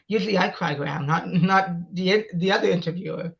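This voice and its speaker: A man's voice: high voice, moderate pace, gravelly. Passionate young man, dull lo-fi audio. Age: 20s. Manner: passionate, insistent, repeats phrases. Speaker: interview guest. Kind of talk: emotional conversational interview.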